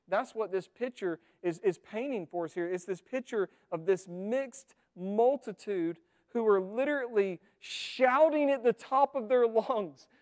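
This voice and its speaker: A preacher talks to the congregation in a sermon, earnest and conversational, pressing one rhetorical question after another. The pitch sits in a middle range. The voice rings through a church sanctuary with a long, lingering reverb. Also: darkish tone.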